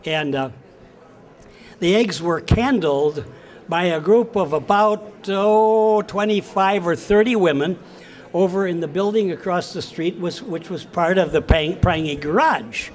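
Older man from Wisconsin, slightly high voice, easygoing anecdotal storyteller at a local talk. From Wisconsin, USA. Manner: folksy, unhurried storyteller. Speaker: former store employee recalling his job. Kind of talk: telling anecdotes to a local audience.

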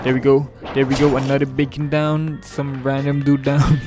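A man's voice: mid-range voice, little pitch movement, normal speed, over music. A man giving live gameplay commentary as a gaming YouTuber, with playful mock-villain trash talk and frequent laughs.

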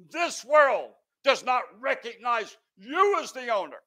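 High, bright-voiced preaching man. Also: big pitch swings, measured pace, few pauses. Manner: impassioned, swells and drops in volume. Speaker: pastor. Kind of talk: sermon.

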